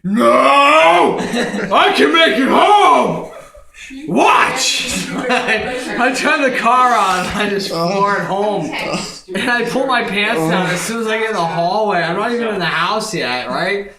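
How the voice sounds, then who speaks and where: A man's voice: high-pitched, a little slow. A young man telling a crude comic story, rambling and laughing through it. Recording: echoey room with crowd chatter.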